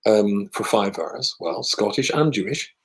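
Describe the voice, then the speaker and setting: A man with a British accent, a rabbi telling a long personal story in conversation, with lively asides. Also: fairly low pitch, measured pace, rough recording. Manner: animated anecdotal storyteller with asides.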